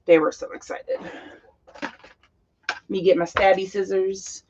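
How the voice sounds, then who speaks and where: Speaking slowly in a level, mid-range voice, a middle-aged teacher and crafting channel host chats casually while scrapbooking at her craft desk, gushing and talking as she works. Highs are cut off, and there's background noise.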